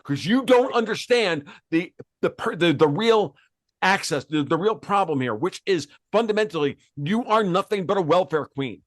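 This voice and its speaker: A man's voice: high-pitched, animated, normal speed, no echo, studio quality. Profane ranting man podcast host. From United States. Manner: profane, emphatic, repeats words and restarts. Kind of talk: heated political rant.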